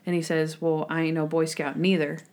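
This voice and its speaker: A woman's voice: low voice, level tone, fairly quick, a little mellow. A woman co-hosting a podcast, casually chatting about a TV episode, laughing often and acting out lines in exaggerated voices. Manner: giggly, acts out quotes in exaggerated voices. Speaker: podcast co-host. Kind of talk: casual chat recapping a TV episode.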